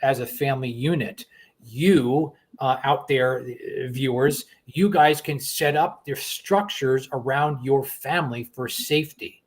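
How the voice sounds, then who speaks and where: A man's voice: medium pitch, a little slow. A middle-aged man hosting a talk show, speaking earnestly and often repeating words as he starts a thought. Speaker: host. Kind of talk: conversational talk show chat.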